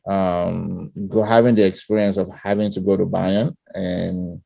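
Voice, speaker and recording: Relaxed Nigerian-born man, dry close sound. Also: sits low, a little slow, gravelly, no echo. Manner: relaxed, laughs easily, many fillers. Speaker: guest, former coach and parent. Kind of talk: casual interview chat.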